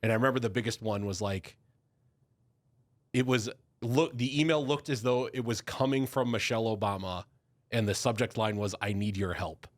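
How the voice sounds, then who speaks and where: A man's voice: lowish voice, normal speed, no echo. A man co-hosting a podcast, laid-back with a dry sense of humor. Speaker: podcast co-host. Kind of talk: casual podcast chat.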